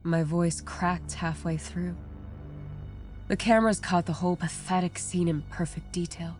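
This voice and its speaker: Low, dark-voiced woman narrating horror. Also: steady tone. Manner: measured, somber storytelling. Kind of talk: scripted narration. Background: faint background music.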